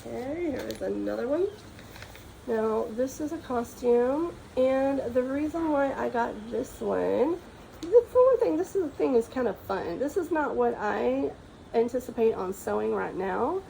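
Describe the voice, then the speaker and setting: A woman's voice: fairly high pitch, expressive, measured pace, vocal fry, mellow, slight background noise, poor audio. A woman chatting casually in a sewing vlog, enthusiastic and rambling, with frequent ums and restarts. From Texas. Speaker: sewing vlogger. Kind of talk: casual show-and-tell chat.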